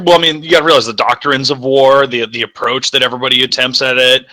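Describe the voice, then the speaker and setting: Bright-toned young man rambling crudely. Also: mid-range voice, fairly even intonation, fast talker. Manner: rambling, crude, self-correcting. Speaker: co-host. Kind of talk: casual chat.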